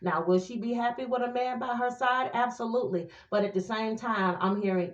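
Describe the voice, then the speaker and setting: A woman with a slightly high voice reads tarot for her viewers, talking briskly with few pauses. She's sassy and chatty and sometimes breaks into song. The room is echoey and the highs are cut off.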